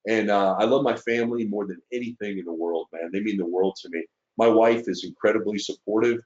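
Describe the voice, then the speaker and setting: A man's voice: fairly low pitch, a little fast, a little mellow, dull audio. A man presenting his trading story to fellow students in an earnest, emotional way, with lots of fillers and asides. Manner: earnest and emotional, filler-heavy, checks in with "right?". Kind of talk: casual webinar presentation.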